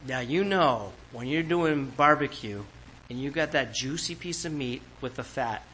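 Bright-voiced male pastor preaching. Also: mid-range voice, unhurried, slight background noise, poor audio. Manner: conversational preaching, acts out quoted voices. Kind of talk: sermon. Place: church before a congregation.

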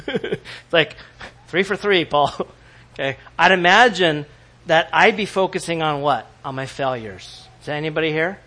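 Male pastor, sermon, animated, quizzes the congregation, acts out quoted voices, fairly high voice.

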